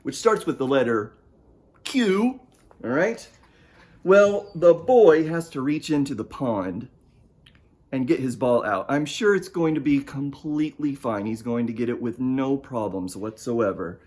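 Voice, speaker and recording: A man's voice: medium pitch, lively intonation, unhurried, darkish tone. A man reading his picture book aloud at storytime, playful and talking straight to young listeners. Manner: playful, talks to young listeners and asks them to join in. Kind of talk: storytime read-aloud for children.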